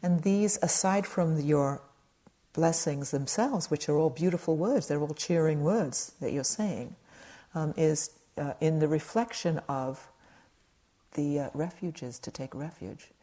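A woman meditation teacher giving a gentle, conversational dharma talk at a retreat, speaking to a live audience with light humor. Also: low-pitched, measured pace.

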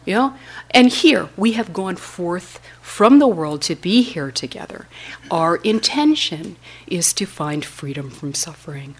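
Breathy, gentle woman meditation teacher. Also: on the low side, sing-song, unhurried. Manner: gentle, reflective, often whispery. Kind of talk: dharma talk.

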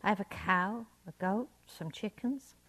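A woman's voice: medium pitch, unhurried, fairly bright tone. A despairing poor man pours out his pleas and laments, voiced by a woman telling a folk tale. He begs for help again and again. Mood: pleading. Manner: pleading, lamenting. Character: desperate poor man in a crowded hut.

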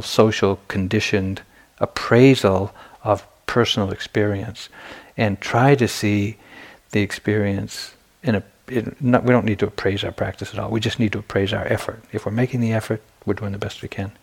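Low gravelly husky man, candid dharma talk. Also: steady tone, moderate pace. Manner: conversational, candid, self-deprecating storytelling with frequent restarts. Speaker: meditation teacher. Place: retreat center meditation hall.

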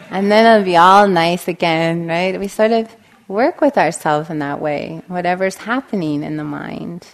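A woman meditation teacher giving a gentle dharma talk, telling stories and often checking in with "right?". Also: fairly low pitch. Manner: gentle, storytelling, frequent "right?". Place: meditation hall.

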